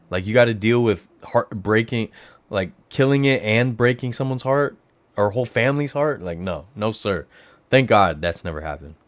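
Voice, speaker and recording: A man from the Bay Area of California hosting a livestream, chatting casually and rambling, his voice jumping up high when he gets excited. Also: no echo. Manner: rambling storyteller who jumps to high excited exclamations. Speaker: livestream host.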